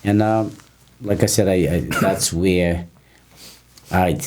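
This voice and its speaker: A man with a very deep voice tells his story as a guest in a casual interview. He talks haltingly, restarting and repeating words as he goes. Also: steady tone, darkish tone, a little hiss or hum. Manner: halting, repeats words, breaks off mid-sentence. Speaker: interview guest, personal trainer.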